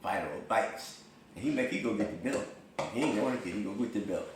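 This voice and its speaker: Brief: low-voiced man, blunt and profane, recorded from far away in an echoey room. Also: quick pace. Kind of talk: casual storytelling chat. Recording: echoey and distant with faint noise.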